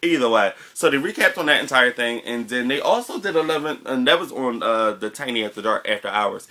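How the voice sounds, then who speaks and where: A young man co-hosts a casual chat recapping reality shows. He gossips and exclaims, his bright voice leaping up and down in pitch. He keeps it loose and chatty. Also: lively intonation, brisk. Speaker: co-host.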